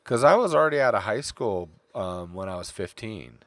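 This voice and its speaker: A man's voice: fairly low pitch, lively intonation, moderate pace, no echo. A middle-aged man from California, chatting casually while he draws, rambling off into tangents and stories. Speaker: artist streaming while drawing. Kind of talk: casual chat while drawing.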